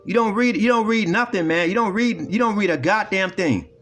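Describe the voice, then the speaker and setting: A man's voice: sits high, animated, a little fast, a bit bright, soft background music. A man ranting in a video commentary, profane and repetitive as he lectures emphatically. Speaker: online commentator.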